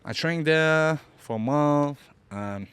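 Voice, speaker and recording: A man's voice: fairly high pitch, takes it slowly, a bit bright, smooth. A young man from Hong Kong with a Cantonese accent, a podcast guest telling his story in broken English, often repeating words as he goes. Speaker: interview guest. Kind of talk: casual storytelling.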